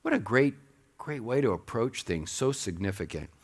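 A man preaching a sermon as pastor, animated, acting out little quoted asides as he teaches. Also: mid-range voice, normal speed, husky.

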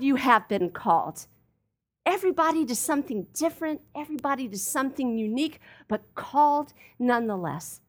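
Earnest higher-voiced woman preaching. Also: animated, a little fast. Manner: earnest and emphatic, addressing listeners directly. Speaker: Bible teacher. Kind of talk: sermon.

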